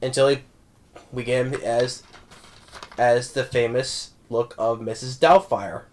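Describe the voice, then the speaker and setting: A man's voice: mid-range voice, flat delivery, measured pace, a little hiss or hum. A man giving a casual spoken film review, rambling, with many restarts and tag questions. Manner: warm, amused fan talk. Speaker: movie reviewer.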